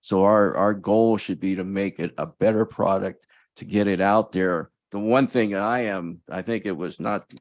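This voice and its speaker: A man in his seventies speaks off the cuff at a board meeting, halting and searching for words as he goes. His voice is very low, and the sound is dry and close. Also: no echo. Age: 70s. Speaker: school board member. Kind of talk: unprepared remarks at a board meeting.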